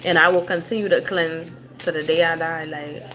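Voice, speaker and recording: A woman's voice: deep voice, fairly even intonation, normal speed, crowd noise. A woman chatting casually on a live stream as a tarot reader. She talks bluntly and swears freely. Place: at home with her young son nearby.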